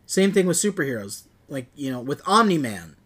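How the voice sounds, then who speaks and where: A man's voice: a little high, big pitch swings, fairly quick, fairly bright tone. A young man co-hosting a podcast, chatting enthusiastically and rambling with lots of fillers. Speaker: podcast co-host. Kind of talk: casual chat.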